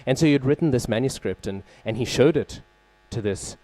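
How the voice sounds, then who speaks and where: A man giving a scripture class at a temple, telling a story in a conversational way, often asking "right?" and pausing to search for names and terms. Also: medium pitch, warm tone, dry recording. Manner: conversational, frequent "right?" check-ins and fillers. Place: temple hall.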